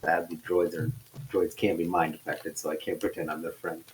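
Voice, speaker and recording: A man with a somewhat low voice plays in a tabletop game. He cracks offhand jokes and swears casually between plays. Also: level tone, brisk, recorded from a distance, poor audio. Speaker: player.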